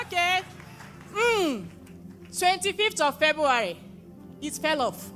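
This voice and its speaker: A young woman telling a personal church testimony at a live prayer gathering, emotional and often rising into excited exclamations. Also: sits high, slow, long pauses. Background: music playing.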